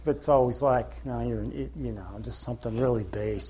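A man's voice: mid-range voice, animated, moderate pace, hardly any pauses, darkish tone, breathy edge. A middle-aged man giving an informal, rambling sermon, conversational and self-deprecating. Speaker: preacher.

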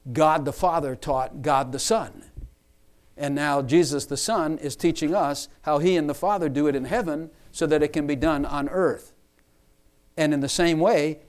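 Male preacher, fairly high voice, emphatic sermon delivery with repeated phrases. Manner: emphatic, repeats and rephrases lines for stress.

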